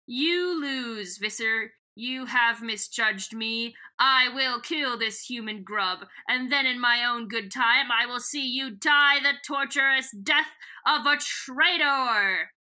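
A woman's voice: a little high, slow pace, bright, forceful tone, full character voice. A woman acting out a ruthless, cornered alien female commander in a dramatic, over-the-top reading. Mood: defiant.

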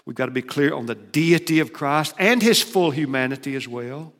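Emphatic preacher in reverberant hall. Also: male voice, on the high side, expressive, normal speed. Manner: emphatic, swings between loud declarations and hushed asides. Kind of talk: sermon.

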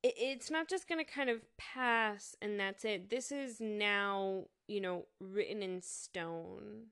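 Slow, thoughtful woman commentator. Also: mid-range voice, a bit bright, smooth. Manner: thoughtful, halting, with many fillers and restarts. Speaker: commentator reviewing a show. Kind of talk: casual spoken commentary.

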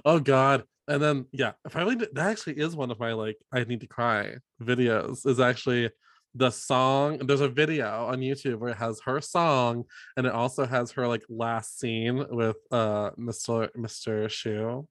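A man co-hosting a podcast in casual chat, animated and swearing, often quoting himself in high mock voices. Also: moderate pace, no echo, studio quality. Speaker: podcast co-host.

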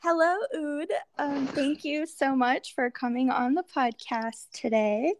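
An American woman hosting a podcast for English learners, speaking slowly and deliberately with frequent ums. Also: high voice, a little hiss or hum. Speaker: podcast host. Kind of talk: slow, clear interview for English learners.

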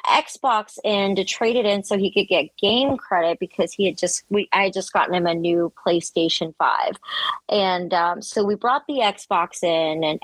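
Young woman cohost telling a goofy story, giggly and animated, dry close sound. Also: medium pitch, no echo, rough recording. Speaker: podcast co-host. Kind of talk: casual storytelling chat.

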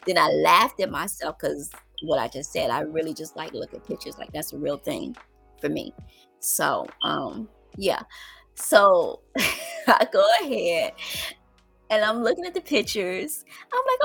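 A middle-aged woman telling a story to her viewers in casual, colloquial talk, calling them y'all and getting loud when excited. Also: medium pitch, moderate pace, vocal fry, faint music behind. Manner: animated, with loud exclamations and laughs. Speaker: vlogger.

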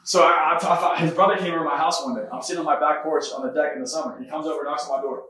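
A young man preaching a testimony sermon, telling stories in a rapid, animated way. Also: a little high, distant mic. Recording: echoey room, voice from afar.

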